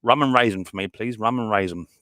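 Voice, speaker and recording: A man's voice: lowish voice, quick pace, bright, forceful tone, dry recording. A man hosting a live stream chat, cheerfully greeting viewers one by one and answering mower questions. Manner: chatty and upbeat, greets each viewer with "mate". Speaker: live stream host, mower repair shop owner.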